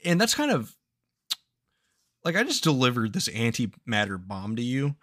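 Bright-voiced man recapping casually. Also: mid-range voice, moderate pace, no echo, clean studio sound. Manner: profane, laughing, animated retelling with quoted voices. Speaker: podcast host recapping a game. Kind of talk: casual podcast chat.

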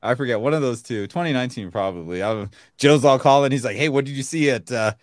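A man's voice: medium pitch, quick pace, dry recording, studio quality. A man co-hosting a podcast, chatting casually and joking around with his co-host on a live stream. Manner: joking, playful, teasing. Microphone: desk mic over a streaming call.

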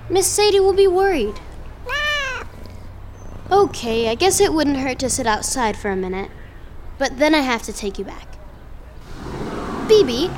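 A bright, curious girl detective. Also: high-pitched. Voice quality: bright, eager narrating. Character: curious, brave 11-year-old girl detective. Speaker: voice actor. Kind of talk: audio drama acting. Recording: background ambience noise.

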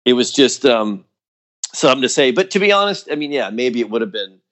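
A man telling a story about his old band in casual chat, acting out quotes in a higher voice, with lots of fillers. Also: sing-song, brisk, a bit bright. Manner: loose and chatty, many fillers like "like" and "you know". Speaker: guest musician.

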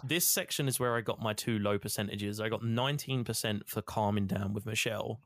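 A man's voice: fairly low pitch, a little fast, no echo. A man co-hosting a casual chat, retelling his game choices animatedly and swearing freely. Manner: animated storytelling, swears freely, acts out quotes. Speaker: podcast co-host.

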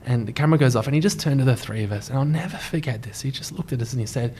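A young man, a podcast guest telling a story in an animated way, often stumbling and restarting. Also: medium pitch, very fast, hardly any pauses, a little hiss or hum. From Australia.

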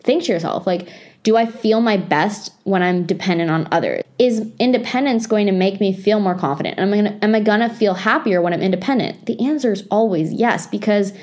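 A woman's voice: mid-range voice, a little fast, a little mellow. A young woman talking casually to her viewers and giving lifestyle advice. She speaks chattily, with many "like" fillers. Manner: chatty, lots of "like" fillers, self-aware. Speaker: lifestyle vlogger. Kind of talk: casual advice talk to camera.

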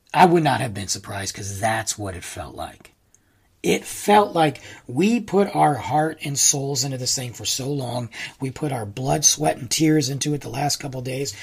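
Man, very husky rough voice, casual rambling story, animated jumps in pitch, podcast host. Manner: animated, rambling, jumps to high excited pitch for quoted reactions.

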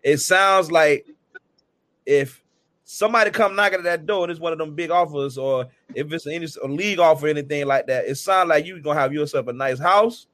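Male podcast host, fairly high voice, earnest and slangy, dry close mic. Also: fairly quick, fairly bright tone, dry recording. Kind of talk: casual interview chat.

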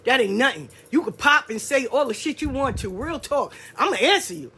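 A woman's voice: high-pitched, big pitch swings, brisk, bright, forceful tone, husky. A woman, hosting a solo podcast and ranting bluntly and profanely, acting out other people's voices. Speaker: podcast host. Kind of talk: casual solo podcast rant.

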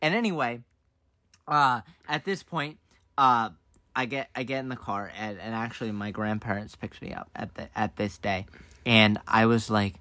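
Bright-voiced man telling a story. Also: normal speed, no room sound. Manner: animated, acts out quoted voices with big pitch jumps. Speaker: podcast co-host. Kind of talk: casual storytelling chat.

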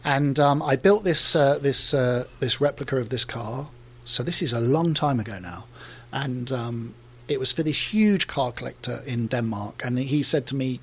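A middle-aged man with an ordinary mid-pitched voice tells stories in a casual interview. He sounds animated, laughs often and restarts his sentences. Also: normal speed, breathy edge. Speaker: car designer, guest.

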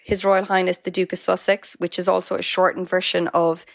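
A woman's voice: fairly low pitch, flat delivery, a little fast, vocal fry. A woman co-hosting a podcast in casual chat, talking with plenty of fillers and asides. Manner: chatty, lots of fillers and asides. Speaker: podcast co-host.

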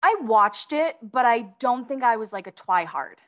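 Woman, casual podcast chat, higher pitch, gushing and giggly. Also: expressive, normal speed. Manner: chatty, giggly, gushing about celebrities. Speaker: podcast co-host. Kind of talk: casual chat, reading celebrity gossip items.

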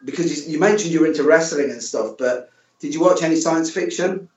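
Jokey podcast host, roomy far-off sound. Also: male voice, on the high side, fairly quick, darkish tone. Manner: chatty, jokey, repeats himself. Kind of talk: casual interview. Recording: distant, echoey, muffled room sound.

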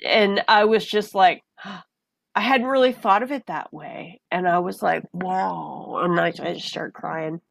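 A woman guest in a casual conversation, telling personal stories in an animated way and acting out the voices of the people in them. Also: lowish voice, measured pace, vocal fry, hardly any pauses, no room sound. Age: adult mother of a young child. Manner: animated, acts out voices in her anecdotes. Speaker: podcast guest.

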